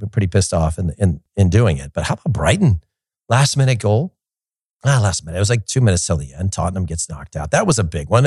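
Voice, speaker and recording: Animated man rambling about soccer. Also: lowish voice, no room sound, clean studio sound. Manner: rambling and animated, with frequent restarts. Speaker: soccer show host. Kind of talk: casual solo commentary.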